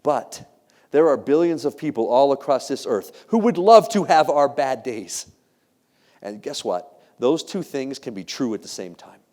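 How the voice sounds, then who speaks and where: A middle-aged man giving an animated, joking keynote talk, telling stories and acting out the voices of the people in them. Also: medium pitch, a little slow. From United States. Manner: animated, jokey, acts out quoted voices. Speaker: keynote speaker. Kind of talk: motivational keynote storytelling. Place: large hall before a live audience. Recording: long hall reverb.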